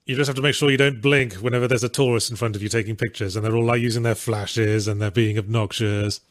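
A man's voice: mid-range voice, quick pace, no echo. A man talks in an easygoing, chatty way, now and then swearing lightly. His voice sits in a middle register. The sound is dry and close, with almost no room around it. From Australia. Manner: relaxed, chatty, swears casually. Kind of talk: casual chat. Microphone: webcam and home mic in an office.

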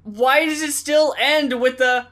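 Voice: sits high, takes it slowly, fairly bright tone. A co-host in a casual music review chat, sounding puzzled and asking questions as they think aloud.

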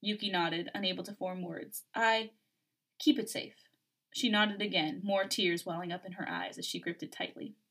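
A woman reading a fan fiction story aloud on a podcast, giving the characters' lines a lively, acted lilt. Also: fairly low pitch, moderate pace, hardly any pauses. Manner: lively, acts out dialogue, laughs often.

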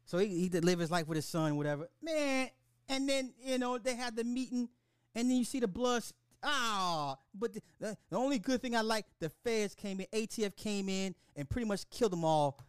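A man hosting a podcast in casual chat, animated and slangy, with lots of restarts and swearing. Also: sits high, moderate pace, clean tone, no room sound, clean studio sound. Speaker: podcast host.

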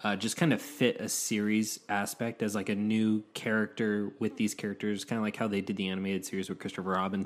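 A man's voice: lowish voice, little pitch movement. A man co-hosting a podcast in casual chat, playful and teasing. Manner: playful, teasing, quick to laugh. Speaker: podcast co-host.

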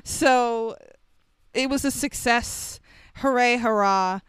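A woman's voice: fairly high pitch, takes it slowly, a bit bright, smooth, dry recording. A woman casually recapping a movie plot in a wry, chatty way, laughing often. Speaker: podcast co-host.

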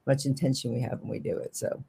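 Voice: mid-range voice, fairly even intonation, fast, gravelly, mellow, husky. An author from New York talking casually in an interview, rambling, restarting sentences often and joking along the way. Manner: rambling, self-interrupting, jokey. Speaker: author guest.

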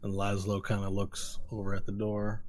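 A man narrating as game master of a tabletop game in a relaxed, casual way. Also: on the low side, moderate pace, slight background noise.

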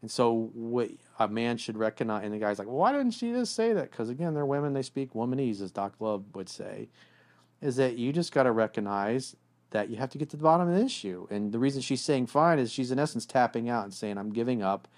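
A man's voice: medium pitch, a little fast. A man hosting a podcast and giving relationship advice in a blunt, casual way. He speaks directly to the men listening. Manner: acts out quoted lines in exaggerated voices. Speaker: podcast host.

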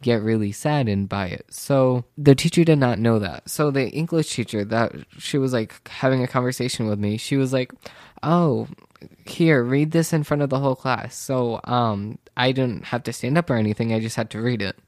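A man's voice: medium pitch, moderate pace, hardly any pauses, a little mellow, dry recording, studio quality. A teenage boy casually telling a rambling school story, acting out what everyone said with "I was like.". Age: teens. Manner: rambling, quotes people with "I was like"; self-described sensitive. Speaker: vlogger.

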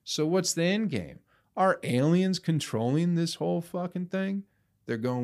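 A man's voice: a little high, animated, unhurried, darkish tone. A man hosting a comedy podcast, talking in a casual, profane, ranting way.

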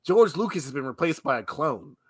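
A man co-hosting a podcast in casual chat, joking and quick to laugh. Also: a little high, very animated, breathy edge, no echo. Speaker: podcast co-host.

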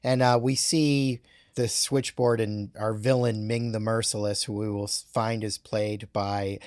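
A man's voice: lowish voice, level tone, a little slow, darkish tone, no echo, studio quality. A man co-hosting a casual film discussion in a laid-back, wry way. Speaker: podcast co-host.

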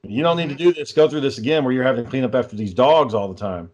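A young man chats casually and recounts a story with heavy swearing. His delivery is exasperated and ranting, at an ordinary middle pitch. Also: fast talker, darkish tone, muffled recording. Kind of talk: casual chat.

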